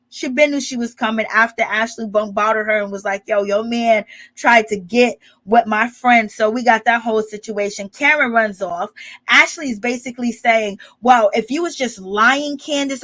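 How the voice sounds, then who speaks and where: A woman's voice: a little high, bright, forceful tone. A woman chatting casually as she recaps a reality show, gossipy and rambling, full of asides and "you know"s. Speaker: reality TV commentator.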